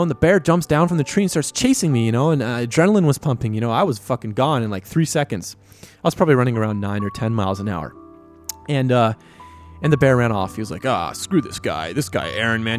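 A man reads strange news stories and breaks off into sarcastic, rambling tangents full of crude jokes. His voice sits a bit high and swings widely in pitch. Faint music plays behind him. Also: darkish tone. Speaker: host reading odd news stories. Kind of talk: comic news commentary.

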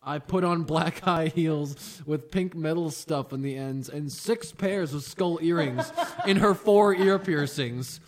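Man with a high voice, deadpan comedic read-through. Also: slow pace, few pauses, a crowd in the background. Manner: deadpan reading with asides and laughs. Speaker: co-host reading aloud. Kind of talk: comedic dramatic reading.

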